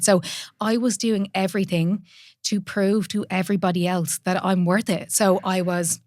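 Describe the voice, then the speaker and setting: A woman's voice: medium pitch, fairly even intonation, brisk, dry recording, studio quality. An Irish woman in her thirties, a podcast host telling her own story in a candid, earnest way and swearing casually. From Ireland.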